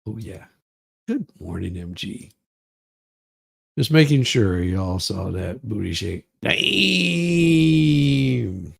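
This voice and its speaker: A male host giving relaxed, casual commentary between clips. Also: low voice, slow pace, gravelly, long pauses, husky, no room sound, clean studio sound. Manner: relaxed, chuckling asides.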